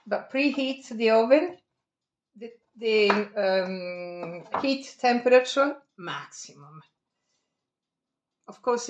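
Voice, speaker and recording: Chatty Italian woman cooking in echoey kitchen. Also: medium pitch. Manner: chatty, digressive, laughs often. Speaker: home cook. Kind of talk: cooking demonstration.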